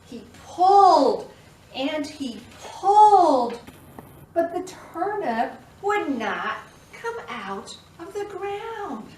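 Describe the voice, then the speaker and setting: A woman telling a storytime tale to toddlers, an expressive storyteller who makes the animal noises herself. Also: very high voice, drawn-out words. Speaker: children's librarian. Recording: echoey room, mic at a distance.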